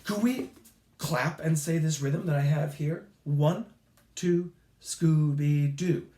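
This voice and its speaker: A man teaching children rhythm in a playful call-and-response lesson, chanting beats and syllables in a sing-song way. His voice sits a little high, and he speaks slowly and deliberately. The sound carries a noticeable room echo. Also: warm tone. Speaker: music teacher.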